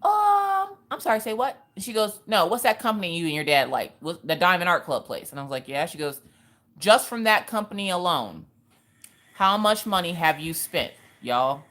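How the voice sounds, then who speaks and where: Young woman on a craft stream, pretty low voice, telling a story and doing everyone's lines with southern slang. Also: moderate pace. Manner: animated storyteller, acts out quotes, Southern US slang. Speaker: craft livestream host. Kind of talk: casual storytelling to viewers.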